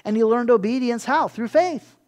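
A man's voice: very high voice, normal speed. Conversational male pastor preaching. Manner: conversational, acts out voices in quotes, animated asides. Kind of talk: sermon.

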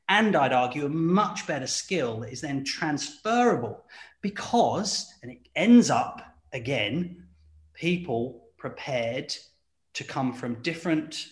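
Animated man in an echoey room. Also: mid-range voice. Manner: animated, acts out quoted voices, laughs often. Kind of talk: casual chat.

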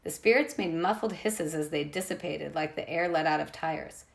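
A woman's voice: low-pitched, normal speed, vocal fry. A woman reading a novel aloud in a plain way, with small slips and restarts. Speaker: reader.

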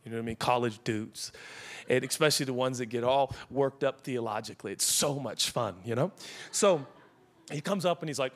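A young man preaching a sermon as pastor, animated and joking, shouting for emphasis at times. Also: medium pitch, a little fast.

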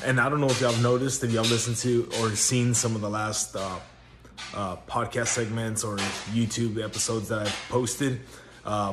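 Low flat-voiced man, rambling. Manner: rambling, many fillers and restarts. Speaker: podcast host. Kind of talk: casual solo podcast chat. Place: home laundry area, washers running. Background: dryer noise.

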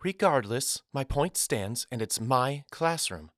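A man's voice: medium pitch, sing-song, moderate pace, a bit bright, no room sound, clean studio sound, pitched above the performer's own voice. A man reading an audiobook voices a female schoolteacher who is worried but firm and protective of her class, her voice quavering. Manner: quavering, then firm and final.

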